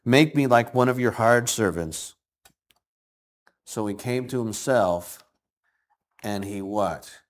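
A man's voice: mid-range voice, takes it slowly, long pauses. Older man teaching a Bible passage. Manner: asks the group questions, acts out quoted lines. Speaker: preacher. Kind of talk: Bible teaching with congregation responses.

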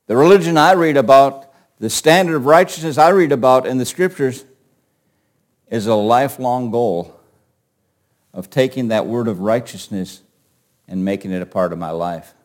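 A man preaching a sermon, asking his listeners rhetorical questions and swinging from quiet asides to forceful declarations. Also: mid-range voice, normal speed, long pauses. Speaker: pastor.

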